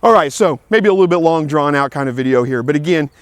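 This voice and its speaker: An easygoing man chats about dog training, out in a field, in a plain unhurried way. His voice sits a little high for a man. The sound is dry and close, with almost no room around it. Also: lively intonation, dry recording. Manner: plain, easygoing, repeats himself, calls out commands to his dog. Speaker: dog owner giving training tips. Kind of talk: casual outdoor vlog talk. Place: outdoors in a field.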